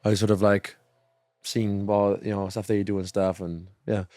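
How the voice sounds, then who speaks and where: A man's voice: fairly low pitch, little pitch movement, normal speed, darkish tone, dry recording. A young man co-hosting a podcast in casual chat, rambling and restarting his sentences. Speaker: podcast co-host.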